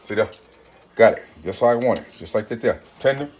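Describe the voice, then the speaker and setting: A man hosting a home cooking video, talking folksy and excitable, with catchphrases aimed at his viewers. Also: fairly low pitch, a little fast, very noisy. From Texas. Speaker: home cooking channel host. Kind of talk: casual cooking video talk. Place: home kitchen.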